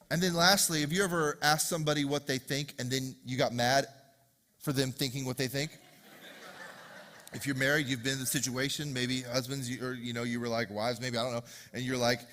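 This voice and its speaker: A man's voice: mid-range voice, a little fast, a bit bright, long reverb tail. A man preaching a sermon in a church, talking to the congregation in a conversational, joking storytelling way with asides. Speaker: pastor. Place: church sanctuary.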